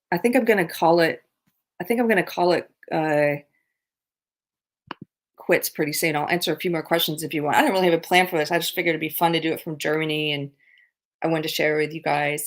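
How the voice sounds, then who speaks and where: A woman's voice: deep voice, fairly even intonation, fairly quick. A woman hosting a casual livestream, chatting and reading viewer comments aloud with frequent laughter. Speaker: livestream host. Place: abroad on a trip.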